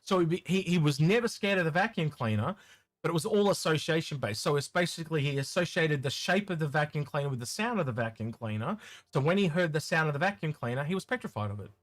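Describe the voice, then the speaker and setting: A man's voice: a little high, lively intonation, quick pace, fairly bright tone, no room sound. A man with a Tasmanian Australian accent co-hosting a live question-and-answer stream, chatting casually, rambling and repeating words as he restarts his sentences. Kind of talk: casual chat.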